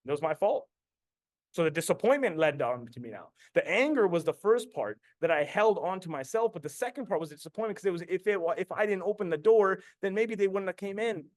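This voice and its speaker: A man's voice: high voice, lively intonation, a little fast, dry recording. A man in his thirties from Canada, telling a personal story as a motivational host in an intense, repetitive way, swearing freely. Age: 30s. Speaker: podcast host and business coach.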